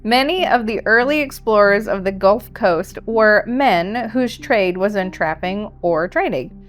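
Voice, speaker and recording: A woman reading a history piece aloud for a paranormal podcast. She keeps a steady storyteller pace and stays playful between passages. Faint music runs underneath. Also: mid-range voice, measured pace. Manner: steady storyteller, playful, laughs at own slips. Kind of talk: reading a scripted history segment.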